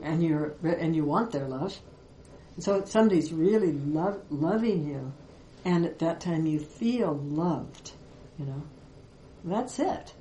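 Low-voiced woman teaching in an echoey room. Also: dark tone, slight background noise. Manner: reflective, with many pauses and fillers. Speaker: spiritual teacher. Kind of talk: Vedanta teaching talk.

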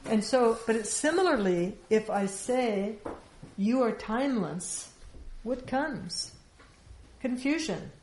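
A woman's voice: on the high side, lively intonation, slow pace, darkish tone, slight background noise. A woman giving an informal spiritual teaching, talking conversationally with rhetorical questions and light laughs. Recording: echoey room with faint ambience.

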